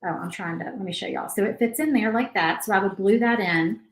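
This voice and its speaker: A woman's voice: medium pitch, a little fast, roomy sound, poor audio. A woman, hosting a crafting livestream and chatting casually as she paints. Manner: chatty, thinks aloud while painting. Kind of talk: casual live crafting chat.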